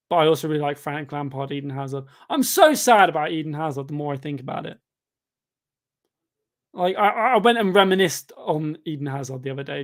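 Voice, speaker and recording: A young man chatting through a live football watchalong, tired, reading out chat questions and breaking into sudden excited shouts at the game. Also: on the high side. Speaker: livestreamer reading chat during a match.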